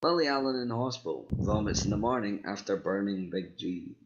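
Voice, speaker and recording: A man's voice: on the low side, animated, a little fast, dull audio, a little hiss or hum. A man reading a group-written story aloud in a laid-back, crude way, stopping to fix mistakes. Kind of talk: casual read-aloud storytelling.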